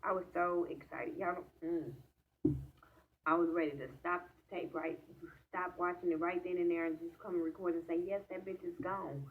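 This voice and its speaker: In this casual recap vlog, a TV episode reviewer with a low voice talks at a normal speed, eagerly going over an episode while swearing and speaking right to her viewers. Her excitable delivery comes through tinny, off-mic, phone-like audio with a slight hiss or hum.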